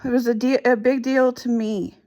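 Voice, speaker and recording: A middle-aged woman slowly and haltingly retelling a painful personal story. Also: a little high, steady tone, mellow. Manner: slow, halting, emotional retelling. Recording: dull lo-fi recording.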